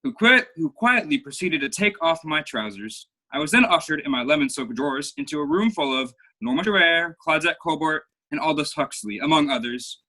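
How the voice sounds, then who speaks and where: A man's voice: a little high, lively intonation, a little fast, hardly any pauses, sharp tone. A young man playing a flamboyant, vain playwright in a school play over a video call, with florid, theatrical delivery. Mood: gossipy. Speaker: student actor.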